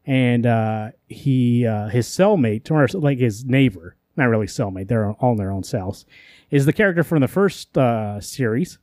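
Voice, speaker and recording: His mid-range voice has a darkish tone, captured cleanly in the studio without echo. As a podcast co-host, he loosely retells a comic tale, swearing offhandedly and tossing in brief quoted lines from the people involved.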